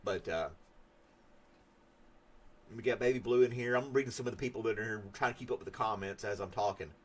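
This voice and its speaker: A man's voice: on the low side, brisk. A man hosting a casual live stream, chatting loosely and reading viewer comments as he rambles. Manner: rambling, chatty, laughs at his own stories.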